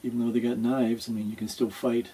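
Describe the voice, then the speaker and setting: A man's voice: mid-range voice, level tone, quick pace, dark tone, husky, low-quality recording. A man hosting a reaction video, musing aloud in casual commentary with rhetorical questions.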